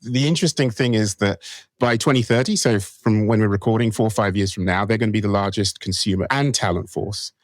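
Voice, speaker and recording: A British-accented man with a lowish voice talks briskly, with no echo in the audio. A guest on a podcast and co-founder of a marketing company, he speaks emphatically and animatedly in the interview, laughing as he makes his points.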